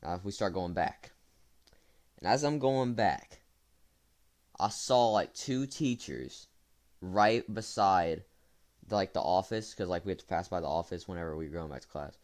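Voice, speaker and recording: Deep-voiced and animated, a young storytime vlogger moves at a measured pace with long pauses, his tone a little mellow. His rambling tale for viewers is full of fillers, restarts and self-corrections.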